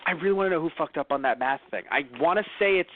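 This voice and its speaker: A man's voice: on the high side, animated, rapid-fire, a little hiss or hum. Chatty American man, thin phone-like sound. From United States. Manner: rambling, chatty, many fillers and restarts. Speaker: podcast co-host. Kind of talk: casual chat.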